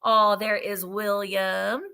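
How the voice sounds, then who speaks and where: A woman's voice: mid-range voice, level tone, takes it slowly, vocal fry, pushed and bright, clean tone. A woman hosting a live-streamed vintage sale, chatting in a bubbly way and greeting viewers one by one. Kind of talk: live-stream sales chat.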